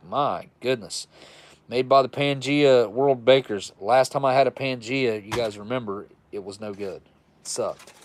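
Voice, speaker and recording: A man hosting a casual livestream, reviewing old military rations and chatting with viewers in a folksy, self-described redneck way. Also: medium pitch.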